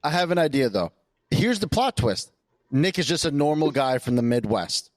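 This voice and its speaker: A man's voice: fairly high pitch, very animated, moderate pace, dry recording. A man co-hosting a podcast, hyped and joking with swearing in casual banter.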